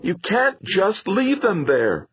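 A man's voice: on the high side, very animated, moderate pace, husky, dry recording, pitched above the performer's own voice, exaggerated voice. A man voicing an earnest young son who pleads in a raised, urgent voice. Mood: distraught pleading. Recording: slightly muffled.

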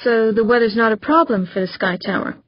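Brief: inquisitive, sharp young woman, read by the narrator in a plain, dry recording. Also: on the high side, fairly quick, dry recording, dull audio, natural voice. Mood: curious. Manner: inquisitive, questioning.

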